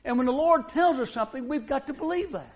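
High-voiced folksy male preacher. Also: quick pace. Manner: folksy, conversational preaching with rhetorical questions. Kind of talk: sermon. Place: church service.

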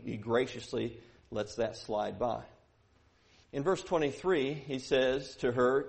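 A man preaching a sermon who moves from quiet verse-by-verse teaching to loud, emphatic preaching, repeating phrases for emphasis. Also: medium pitch, gravelly.

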